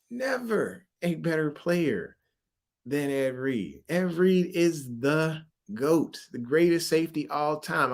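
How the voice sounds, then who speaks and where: A man from Louisiana hosts a casual sports livestream, talking with a mixed Southern and military accent. His delivery is animated and slangy, and he breaks into laughs often. His voice sits at an ordinary middle pitch. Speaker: livestream host.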